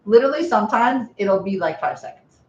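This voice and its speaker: A woman's voice: mid-range voice, lively intonation, brisk, darkish tone, slight background noise. A woman co-hosting a live stream, chatting casually and playfully with a Midwestern accent that has a touch of Texan. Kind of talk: casual chat. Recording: roomy, dull lo-fi sound.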